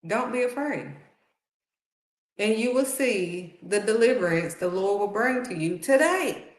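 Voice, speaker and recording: A woman's voice: mid-range voice, measured pace. A woman giving heartfelt spiritual encouragement in a conversational preaching style, repeating phrases for emphasis. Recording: roomy echo.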